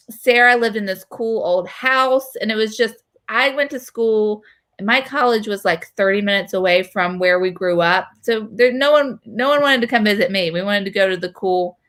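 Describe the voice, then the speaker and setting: A woman in her thirties from North Carolina, hosting and telling a story in casual chat, animated and full of fillers. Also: medium pitch. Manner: animated, chatty, with frequent fillers. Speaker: host.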